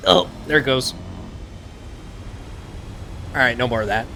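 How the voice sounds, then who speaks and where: A man's voice: mid-range voice, expressive, unhurried, creaky, pauses often, sharp tone, slight background noise. Laid-back man with a worn-out throat. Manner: laid-back, self-deprecating, rambling asides. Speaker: gaming streamer. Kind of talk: casual let's play commentary. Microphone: desk mic.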